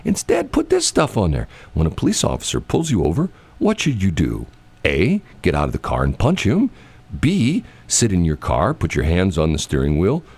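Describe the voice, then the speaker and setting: A low, gravelly man in casual talk, his pitch swinging widely as he rambles. He leans on "you know" and "I mean" and acts out quoted voices in his stories. A faint hum sits behind him. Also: huge pitch swings, moderate pace, darkish tone. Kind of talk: casual chat.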